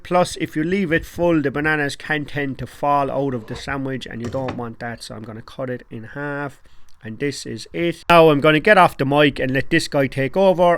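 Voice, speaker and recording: A man's voice: fairly high pitch, a bit bright. An Irish man in his thirties, chatting casually and jokily with slang as he makes food for a home cooking vlog. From Ireland. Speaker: home cook and vlogger.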